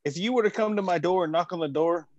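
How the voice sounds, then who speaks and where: A man's voice: high voice, fast talker, no echo, muffled recording. A slightly tipsy man chatting casually, rambling and restarting his sentences. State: a little tipsy. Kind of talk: casual chat.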